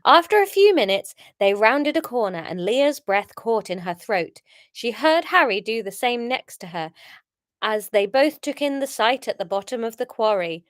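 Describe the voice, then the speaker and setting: A woman's voice: fairly high pitch, animated, normal speed, no room sound, clean studio sound. A woman reading her own story aloud on a live stream, giggling and chatting between lines.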